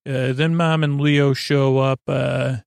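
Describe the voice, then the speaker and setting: Gravelly man rambling through a recap. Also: medium pitch, flat delivery, a little mellow, no echo, studio quality. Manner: rambling, halting retelling full of filler sounds. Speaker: podcast host. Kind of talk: casual episode recap.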